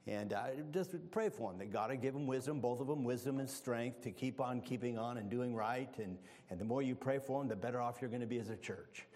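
A man's voice: medium pitch, fairly quick, few pauses, a little mellow, in a large hall. A man preaching as a visiting evangelist, telling folksy stories with humor and praying fervently in a church sanctuary. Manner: fervent prayer. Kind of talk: sermon.

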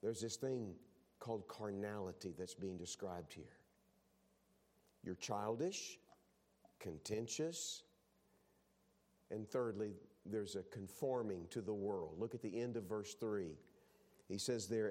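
A man's voice: on the low side, slow, long pauses, a little mellow. A man from Texas preaching a sermon as a pastor, talking in a conversational way and often restarting his phrases.

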